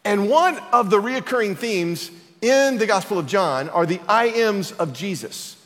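A pastor delivers a sermon in a high-pitched, animated, slightly bright voice, taking his time as he builds emphatically toward passionate declarations. The church auditorium gives it the long reverb of a large hall.

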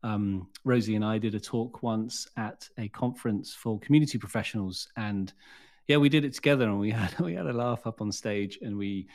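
A man hosts a live community talk in a rather low voice. He sounds upbeat and encouraging as he cheers people on and keeps things moving. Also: moderate pace, a little mellow. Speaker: host of an online community session.

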